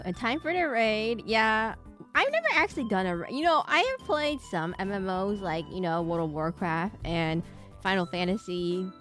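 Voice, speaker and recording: A woman's voice: medium pitch, a bit bright. A woman VTuber streaming a game, rambling in casual chat with lots of laughs and self-interruptions.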